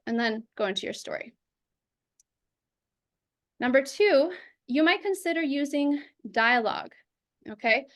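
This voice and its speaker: Animated high-voiced woman teaching speaking. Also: unhurried, pauses often. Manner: animated, acts out examples in quoted voices. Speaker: public speaking educator. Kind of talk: instructional talk. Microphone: video call.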